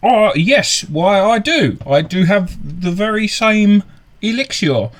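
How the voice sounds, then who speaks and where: Dodgy salesman NPC, a man's put-on voice: slow, raised, showy huckster delivery. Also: expressive. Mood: wheedling. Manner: showy, drawn-out sales pitch. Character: dodgy male potion peddler, smooth-talking salesman.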